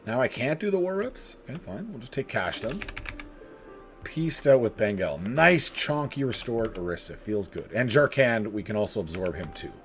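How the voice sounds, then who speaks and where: A man thinking out loud while he plays a strategy game, chatting casually with the odd chuckle. His pitch moves a lot, rising and dipping with each thought. Faint music plays underneath. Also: sing-song, moderate pace. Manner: thinks aloud, chuckles, talks to himself. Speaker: gaming video host.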